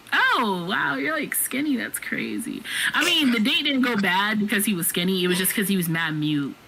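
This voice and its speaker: A woman co-hosting a casual podcast chat, telling stories in an animated, laughing way. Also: on the low side, a little hiss or hum, low-quality recording. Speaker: podcast co-host.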